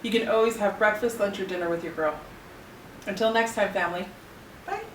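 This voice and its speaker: A woman's voice: medium pitch, a little fast, recorded from a distance, slight background noise. Chatty woman eating on camera, roomy sound. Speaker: mukbang vlogger. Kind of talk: casual chat while eating.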